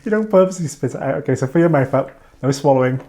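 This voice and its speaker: A man hosting a silly comedy show, playful and quick to laugh. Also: medium pitch, expressive. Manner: playful, giggly, bursts into loud laughter.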